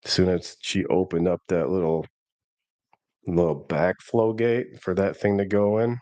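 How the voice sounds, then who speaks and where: A man's voice: low-pitched, steady tone, a little slow, mellow, no room sound. A man in his thirties telling a rambling, self-deprecating personal story in a casual vlog. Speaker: vlogger.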